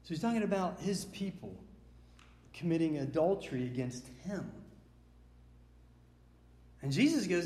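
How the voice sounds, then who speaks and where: A man's voice: on the high side, very animated, measured pace, pauses often, dark tone. A man preaching a sermon in an earnest way, often repeating words as he builds emphasis. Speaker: pastor. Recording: echoey hall with long reverb.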